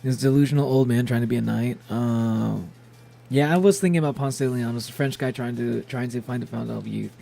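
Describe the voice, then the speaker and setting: Gravelly young man streaming chatter. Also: medium pitch, steady tone, brisk, warm tone, faint music behind. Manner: rambling, laughs often, chatty. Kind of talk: casual gameplay streaming chat.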